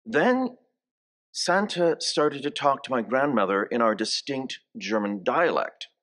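Speaking in a mid-range, slightly bright voice, a man in his sixties who serves as a bishop gives a church homily. His pace is slow as he shares stories about his family and gets the congregation to echo greetings back.

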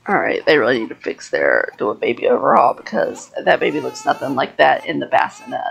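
A woman giving casual Let's Play commentary on a life-simulation game, chatting and voicing her character's reactions in quick asides. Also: very deep voice, very animated, vocal fry, a bit bright, poor audio. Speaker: gaming YouTuber.

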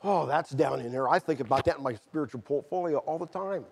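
Middle-aged man, preaching a sermon, husky, earnest, fervent. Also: on the high side, brisk. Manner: earnest, swings from quiet storytelling to shouted fervor. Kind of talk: sermon with personal testimony.

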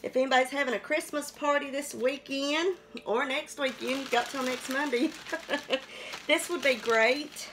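A woman's voice: high-pitched, unhurried, background noise. A woman hosting a chatty live cooking stream, greeting viewers by name and laughing often in a folksy way.

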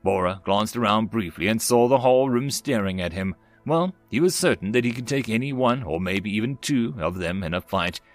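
A man reading a science-fiction story as an audiobook narrator, measured and even in his storytelling. His voice sits in a middle pitch and the recording is dry and close. Faint music plays underneath. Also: no echo. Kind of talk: scripted narration.

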